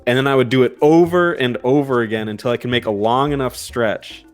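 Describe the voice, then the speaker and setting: Dude telling a game story eagerly, mid voice, little music faint behind. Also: male voice, medium pitch, fairly quick, clear, resonant tone. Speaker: podcast co-host. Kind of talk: casual chat.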